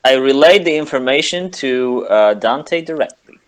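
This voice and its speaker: A man's voice: mid-range voice, expressive, moderate pace, rough recording. A man playing at a tabletop game, asking hesitant questions about the rules. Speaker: player. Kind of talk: casual chat at a game table.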